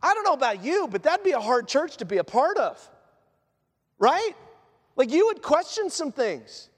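Animated man preaching in a reverberant hall. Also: extremely high pitch, moderate pace. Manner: animated, acts out scenes and voices from the story. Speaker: pastor. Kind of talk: sermon.

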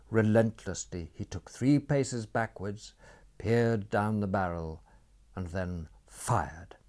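A man narrating a story in a dry, measured storytelling manner. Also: low-pitched, a little mellow.

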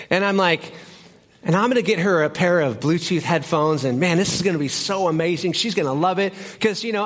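A young man preaching a sermon as pastor in a church, telling stories in an animated way and acting out both sides. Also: high-pitched. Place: church sanctuary.

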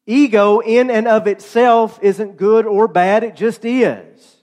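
A man's voice: high voice, steady tone, slow, darkish tone. A man preaching a sermon, telling stories in a conversational way with playful asides. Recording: long hall reverb.

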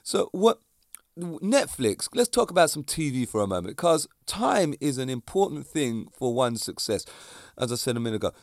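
A man talking casually to his viewers, rambling from one point to the next with a chatty, direct manner. His voice sits at an ordinary middle pitch, and the recording is dry and close with no room sound. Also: very animated, moderate pace, no echo. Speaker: fitness instructor and vlogger. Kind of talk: casual monologue to camera.

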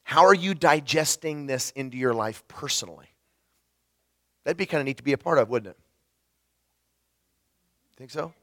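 A middle-aged man preaching a chatty, humorous sermon, getting over a cold and clearing his throat now and then. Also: mid-range voice, normal speed, pauses often, sharp tone. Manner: humorous, chatty, often restarts, teases the congregation. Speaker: pastor. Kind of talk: casual conversational sermon.

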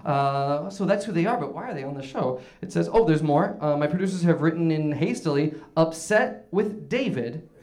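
A high-voiced, stammering host, played by a man, full of showman gushing. He stumbles through restarts and fillers yet keeps hyping the crowd. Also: expressive, moderate pace, a little mellow, close to an everyday voice. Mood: eager. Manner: showy and effusive with the crowd. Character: eager, bumbling male talk show host. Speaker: talk show host. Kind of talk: improvised comedy scene.

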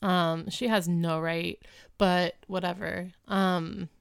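A woman co-hosting a podcast, casually recapping a TV episode in a rambling, animated way with lots of filler words. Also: fairly low pitch, takes it slowly, no echo, clean studio sound. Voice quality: very clear and crisp. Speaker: podcast co-host.

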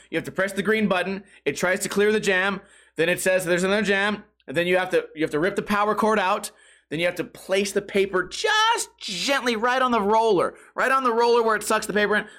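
A young man hosting a podcast, telling profane, animated stories and acting out quotes and noises. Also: high-pitched. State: sweating. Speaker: podcast host. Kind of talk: casual storytelling monologue.

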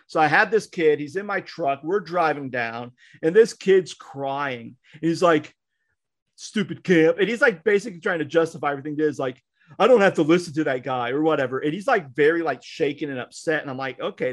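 A man tells a story on a casual podcast, his voice sitting fairly high for a man. He acts out the quotes in his story and keeps restarting his sentences as he goes. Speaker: podcast co-host, minister.

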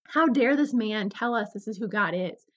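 A young adult woman hosting a podcast, telling a personal story in an animated, candid way. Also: medium pitch, moderate pace. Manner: animated, candid, slips into quoted voices. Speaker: podcast host. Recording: slightly dull lo-fi recording.

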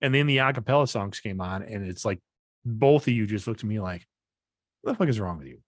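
A man in his thirties co-hosting a casual podcast chat, talking in a relaxed, rambling way with fillers. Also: on the low side, fairly quick, no room sound, studio quality. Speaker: podcast co-host.

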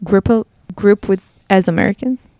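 A woman's voice: mid-range voice, moderate pace, no room sound. Israeli woman hosting a casual chat. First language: Hebrew. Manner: chatty, animated, lots of "like". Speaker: podcast host.

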